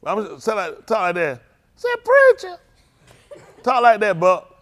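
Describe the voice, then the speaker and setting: A man pastoring a service, playfully teasing young people in the congregation and calling them out by name. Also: moderate pace. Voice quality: high lively voice that leaps up in mock singing. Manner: playful teasing, calls out names, Southern Black vernacular phrasing. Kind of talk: informal sermon with youth check-ins. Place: congregation hall.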